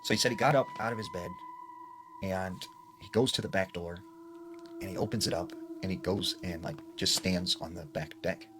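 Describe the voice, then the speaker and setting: A man's voice: deep voice, fairly even intonation, normal speed, noisy background. A man casually retelling a ghost story secondhand, with frequent fillers like "like" and "you know". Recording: clear background music under the voice. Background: background music.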